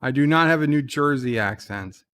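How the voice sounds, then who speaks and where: A man with a slight New York accent hosts a live stream in a relaxed, chatty way. He reads out viewer comments in a brighter, livelier voice, then answers them with dry, low-key asides at a middle pitch. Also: normal speed, clear, resonant tone. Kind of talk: casual live stream chat, reading viewer comments aloud.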